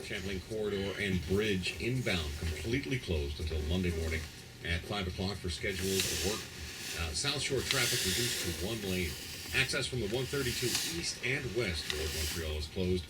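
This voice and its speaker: A man reading a radio traffic report in a brisk, matter-of-fact way. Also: deep voice, expressive.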